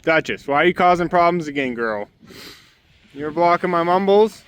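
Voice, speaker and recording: Bright-voiced homesteader man coaxing his birds. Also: fairly high pitch, expressive, normal speed, smooth. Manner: coaxing, sing-song talk to his birds and dog, then plain how-to explaining. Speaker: homesteader and channel host. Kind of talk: casual homestead vlog with talk to animals and explanations.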